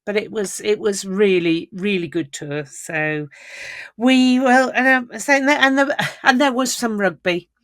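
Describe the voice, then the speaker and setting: A woman co-hosting a podcast, telling travel stories in lively casual chat and laughing often. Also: mid-range voice, a little slow, no echo, clean studio sound. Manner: chatty, animated storyteller who laughs often. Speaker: podcast co-host.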